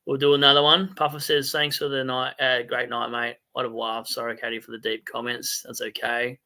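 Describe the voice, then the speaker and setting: An Australian man with a very bright, tense voice, hosting a loose late-night livestream. He reads out viewer comments and rambles cheerfully, quick to laugh at his own slips. His pitch sits in an everyday middle range. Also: little pitch movement. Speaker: fantasy football stream host.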